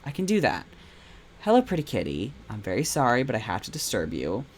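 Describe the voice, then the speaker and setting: A British man voicing an earnest young male vet assistant who talks gently and coaxingly. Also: mid-range voice, huge pitch swings, brisk, a little hiss or hum. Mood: gentle.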